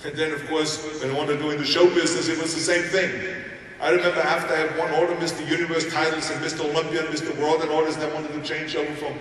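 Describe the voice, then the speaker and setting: A man's voice: a little high, flat delivery, fast talker, a bit bright, slight background noise. A man in his sixties with an Austrian German accent gives a motivational keynote in a large arena, telling his story emphatically with humorous asides. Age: 60s. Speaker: motivational speaker. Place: large indoor sports arena. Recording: echoey arena sound from far off.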